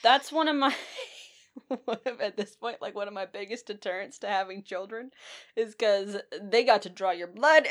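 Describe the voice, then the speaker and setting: Young woman co-host, everyday animated storyteller, loose and laughing, casual swearing. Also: fairly high pitch. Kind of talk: casual chat.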